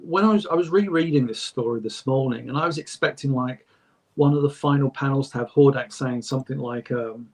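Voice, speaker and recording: A man's voice: mid-range voice, lively intonation, fast talker. A man co-hosting a podcast, chatting casually and reading fan letters aloud with jokey asides and frequent laughs. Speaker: podcast co-host.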